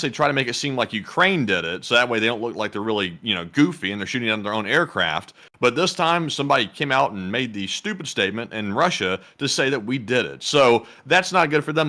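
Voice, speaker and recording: A man co-hosting a casual news commentary show, speaking in a relaxed, dry, offhand way. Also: medium pitch, fast talker, few pauses. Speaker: co-host reading audience poll results.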